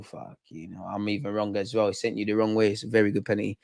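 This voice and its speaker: A man's voice: fairly low pitch, little pitch movement, fast, vocal fry, darkish tone, dry recording. A young man hosting a live football watch-along, heckling penalty takers and ranting casually. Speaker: football fan channel host.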